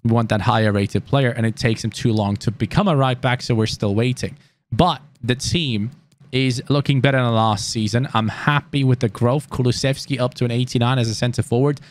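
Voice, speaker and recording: A gaming YouTuber, a man commentating his own football game, casual and chatty, yelling when his team scores. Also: medium pitch, moderate pace. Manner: excitable, yelling at goals. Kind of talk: live gameplay commentary.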